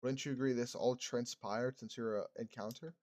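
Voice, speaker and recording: A man's voice: medium pitch, steady tone, normal speed, a little mellow, lightly acted. A man voicing a stern male priest who judges a woman as a witch, speaking in archaic, solemn tones. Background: game music.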